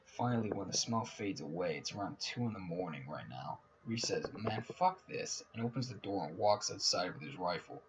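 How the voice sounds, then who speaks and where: A man with a fairly low voice reads a horror story aloud, telling it casually and with plenty of swearing. He often sinks into a hushed whisper for the scary parts, with a faint hiss of noise behind him. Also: animated, fairly quick, few pauses. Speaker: narrator.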